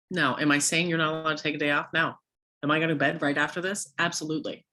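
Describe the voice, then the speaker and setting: Hoarse woman coaching with bright voice. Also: sits low, steady tone, quick pace. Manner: fires off rhetorical questions at the listener. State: hoarse, worn-out voice with coughing. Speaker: sales team coach. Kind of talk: motivational coaching talk.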